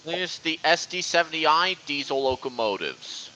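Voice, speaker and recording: A young man hosting a casual livestream. His voice is bright and a bit high. He rambles and halts, filling gaps with ums and likes. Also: lively intonation, poor audio. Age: young adult. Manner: rambling, halting, with many fillers. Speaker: livestream host. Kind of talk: casual chat.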